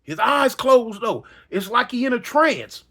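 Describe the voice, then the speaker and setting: A man telling a personal story dramatically, acting out yells and reactions. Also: very high voice, lively intonation, unhurried. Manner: dramatic, acts out yells and voices, slangy.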